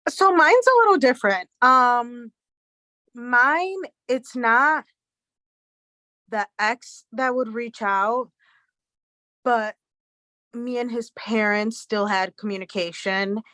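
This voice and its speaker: A woman co-hosting a casual podcast chat, speaking in a slow, supportive way. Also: fairly high pitch, sharp tone, no echo. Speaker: podcast co-host.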